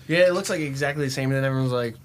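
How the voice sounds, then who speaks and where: A man's voice: medium pitch, racing, slight background noise. A man in a band, chatting casually on a podcast with enthusiasm and frequent casual swearing. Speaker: band member guest.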